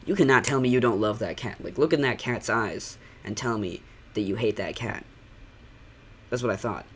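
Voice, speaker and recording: A man's voice: fairly low pitch, moderate pace, a bit bright, slight background noise. Sarcastic man ranting in commentary. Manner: sarcastic, rambling, heavy use of "like". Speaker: channel critic.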